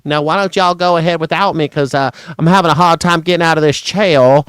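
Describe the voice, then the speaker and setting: A man's voice: on the high side, fairly quick, a bit bright, clear, resonant tone, no echo, voice pushed up, close to an everyday voice. A man putting on a folksy old Southern senator with a drawling Southern accent.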